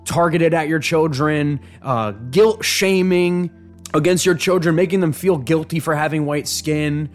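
A man's voice: fairly high pitch, a little slow, faint music behind. A man hosting an opinion commentary on video clips, indignant and emphatic, often stumbling and repeating words. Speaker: show host.

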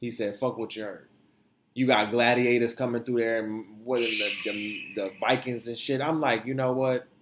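A man's voice: mid-range voice, steady tone, normal speed, few pauses, background noise. A man hosting a podcast, ranting in casual opinion chat with profane, emphatic energy. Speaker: podcast host.

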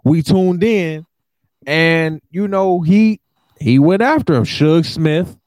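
A man co-hosting a podcast in casual chat, ranting with animated, profane emphasis. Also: fairly high pitch, slow, dry recording, studio quality. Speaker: podcast co-host.

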